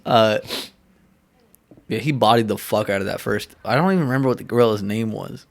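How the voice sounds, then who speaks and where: Young male co-host with a gravelly, fry-heavy voice, laid-back and laughing. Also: lowish voice, fairly quick. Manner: relaxed, laughs often, asks questions. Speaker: podcast co-host. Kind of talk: casual movie review chat.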